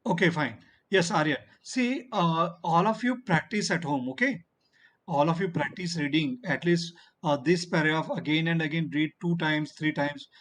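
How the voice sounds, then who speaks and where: A man's voice: on the high side, normal speed, fairly bright tone. A man teaching a class online, encouraging and praising his students often while explaining the lesson. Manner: encouraging, repeats praise and "you know"; firm about turn-taking. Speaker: English teacher.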